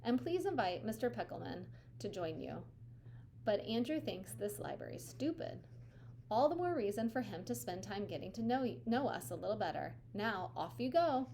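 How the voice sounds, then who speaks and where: A woman's voice: mid-range voice, very animated, normal speed, vocal fry, mellow, a little hiss or hum. A woman reading aloud, voicing an eccentric, courtly older man who runs games in a children's novel. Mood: genial.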